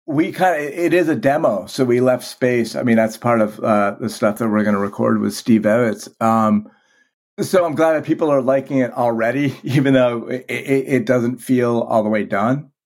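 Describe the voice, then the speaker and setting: A man from Vermont sits in as a podcast guest with a middle-pitched voice. He swears easily and keeps restarting his sentences, doubling words as he goes. The tone is loose, frank, conversational. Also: steady tone, moderate pace, a little mellow. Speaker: guest, band vocalist. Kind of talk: casual podcast interview.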